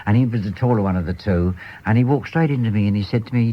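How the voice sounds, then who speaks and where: A man's voice: fairly low pitch, quick pace. An older man hosting a radio chat, telling anecdotes from the variety halls and acting out the voices in his jokes. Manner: storyteller who acts out the voices in his jokes. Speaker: radio host. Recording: dull lo-fi radio broadcast.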